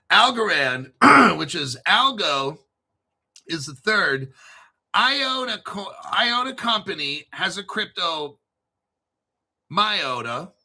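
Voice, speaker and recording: Gravelly, bright-toned profane male host. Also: high-pitched. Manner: profane, animated storytelling. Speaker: crypto channel host. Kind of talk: casual livestream chat.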